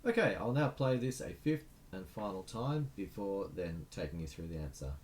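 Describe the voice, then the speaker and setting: A man's voice: low voice, lively intonation, normal speed, darkish tone, slight background noise. A man teaching a recorded music lesson, counting beats aloud and chanting rhythm syllables while writing notes.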